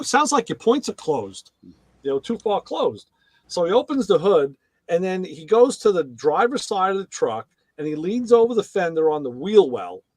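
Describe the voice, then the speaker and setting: A man's voice: high voice, darkish tone, dry recording. A man chatting casually on a podcast, retelling TV episodes and acting out the characters' lines in raised voices. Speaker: podcast co-host.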